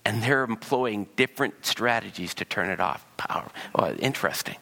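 A man preaching a sermon as pastor, animated and acting out voices in the dialogue he quotes. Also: lowish voice, normal speed, gravelly.

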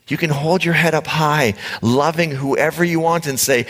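A man preaching a conversational sermon, animated, blunt and joking with his congregation. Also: a little high, normal speed, hardly any pauses. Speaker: pastor. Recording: echoey hall reverb.

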